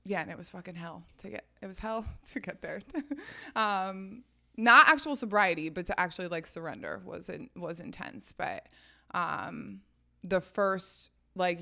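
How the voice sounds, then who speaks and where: A woman's voice: lowish voice, vocal fry, sharp tone. A young woman telling stories in a podcast interview, candid and laughing often, swearing freely. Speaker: podcast guest. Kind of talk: casual storytelling.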